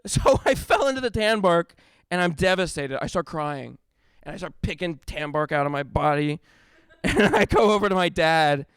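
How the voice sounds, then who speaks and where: A young man tells a rambling stand-up story, cutting himself off mid-sentence and laughing at his own lines. His voice sits a little high, with a gravelly, smooth, resonant tone, and the sound is close and dry. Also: sing-song, moderate pace, fairly bright tone, dry recording. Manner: rambling, self-interrupting, laughs at own jokes. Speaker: stand-up comedian. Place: comedy club stage.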